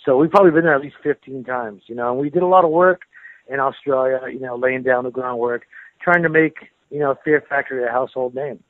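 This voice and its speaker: An American man talks about his career over a phone line that sounds thin and boxed-in, with no room around him. His speech is loose and friendly, full of repeated words and quick laughs. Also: mid-range voice, no echo. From United States. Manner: relaxed, chatty, laughs often, repeats words. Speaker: interviewed metal guitarist. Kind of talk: casual phone interview. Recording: tinny dry phone line.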